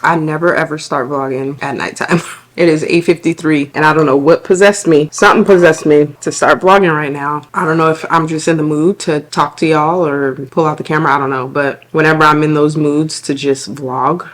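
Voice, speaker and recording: Low-voiced chatty young mom vlogger. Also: female voice, a little fast. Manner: chatty, animated storytelling with many fillers. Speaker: vlogger, stay-at-home mom. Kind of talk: casual chat to camera.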